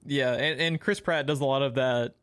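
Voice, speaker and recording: A man's voice: medium pitch, fairly even intonation, moderate pace, a bit bright, no room sound. A man co-hosting a casual film-review podcast, enthusiastic and rambling, with lots of fillers and casual swearing. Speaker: podcast co-host.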